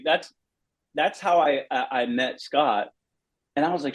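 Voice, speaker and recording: Middle-aged man from Los Angeles, husky voice, rambling anecdotes with lively acted quotes, casual interview guest. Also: medium pitch, moderate pace. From Los Angeles, USA. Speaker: bass player, guest.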